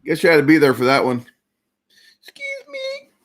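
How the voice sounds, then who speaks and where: A man's voice: medium pitch, very fast. Chatty man, full after eating. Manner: rambling, chatty, reads out viewer names; full and sluggish after a big eating challenge. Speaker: competitive eater streaming a live chat. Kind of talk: casual live-stream chat.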